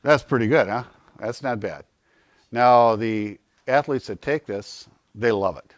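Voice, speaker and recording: Unhurried and mid-range, this man's voice carries no echo as he delivers a casual health talk to a small group. He tells stories with lots of animation, raising his voice to act out quotes, and keeps asking himself questions that he goes on to answer.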